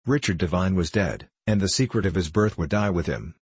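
A man narrating an audiobook in a steady, measured reading. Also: low-pitched, husky, no echo.

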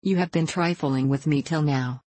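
An earnest, impulsive young man in love speaks eagerly, as a woman reads his lines. The voice is low, heard close and dry. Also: moderate pace, warm tone, no room sound. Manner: eager, earnest storybook speech.

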